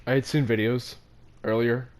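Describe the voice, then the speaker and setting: A man's voice: medium pitch, level tone, normal speed, smooth. Rambling teenage boy telling a story. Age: teens. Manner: rambling, self-mocking, frequent fillers and restarts. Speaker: vlogger. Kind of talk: casual storytelling.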